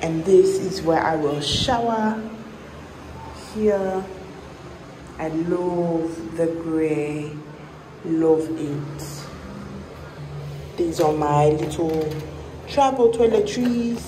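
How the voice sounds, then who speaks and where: A woman's voice: deep voice, extremely slow, long pauses, background noise. A haughty, prim lady, as a vlogger puts her on. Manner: stiff, formal wording with a French flourish. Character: prim, theatrical woman giving a formal home tour. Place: rented apartment indoors.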